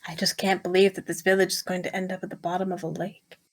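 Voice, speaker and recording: A woman's voice: lowish voice, little pitch movement, fast talker, voice pushed down. A woman voicing an earnest young man, speaking in a subdued, polite way while reading a visual novel aloud.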